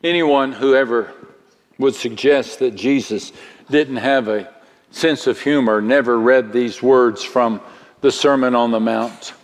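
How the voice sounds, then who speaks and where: A man preaching a sermon, slow and dramatic, his voice swelling higher at the most stirring moments. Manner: slow, dramatic delivery with sudden swells in pitch. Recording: long hall reverb.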